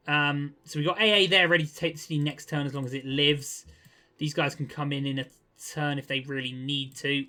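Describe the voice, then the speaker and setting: A young man giving casual gameplay commentary, chatty and quick to get exasperated, with jokey asides. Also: on the high side, sharp tone. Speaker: gaming video creator.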